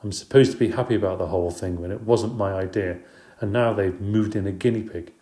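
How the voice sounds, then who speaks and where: A man's voice: fairly low pitch, brisk, dark tone, reverberant, natural voice. A man voicing Abby, a resentful girl stepsister who talks in a snappish, complaining way, in an audiobook. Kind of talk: audiobook character voice.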